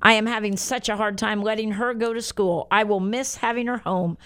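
A woman's voice: mid-range voice, fairly even intonation, normal speed, fairly bright tone, clear, resonant tone. An older American woman hosting a Christian radio talk show, bubbly and chatty, reading out phone numbers and web addresses.

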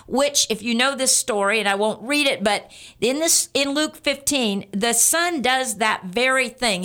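A woman preacher delivers a sermon in a bright, somewhat high voice. She speaks earnestly and directly to her listeners. She repeats her key points for emphasis.

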